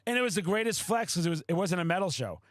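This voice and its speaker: A man hosting a podcast, a loud, excitable storyteller who swears often in casual chat. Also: high-pitched, racing, dry recording. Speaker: podcast host.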